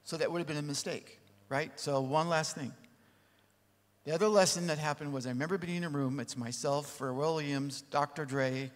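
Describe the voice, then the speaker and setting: A man who is a record producer telling a story on a panel, animated and full of lively asides. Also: mid-range voice. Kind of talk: anecdotal panel talk. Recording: long reverb in a large hall.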